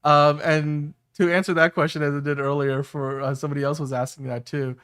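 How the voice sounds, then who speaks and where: A man's voice: a little high, flat delivery, brisk, a bit bright, clean tone. A man hosting a live-stream show, reading viewer comments in an easygoing way. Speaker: host. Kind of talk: casual live-stream chat.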